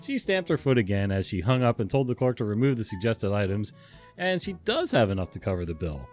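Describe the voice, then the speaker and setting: A man's voice: fairly low pitch, big pitch swings, a little fast, soft background music. A man narrating stories in a casual, conversational way, often chuckling and wandering into asides. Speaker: storytelling channel host.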